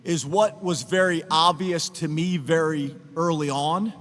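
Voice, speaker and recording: A man's voice: fairly high pitch, steady tone, unhurried, fairly bright tone, in a large hall. A man speaking as head coach at a press conference, earnest and emotional, with frequent fillers and restarts.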